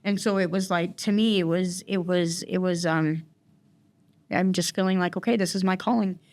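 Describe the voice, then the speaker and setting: This guest in recovery, a woman, shares her own story during an interview at a moderate pace, her lowish voice fairly even in intonation and a little mellow. Her telling wanders, full of fillers and false starts.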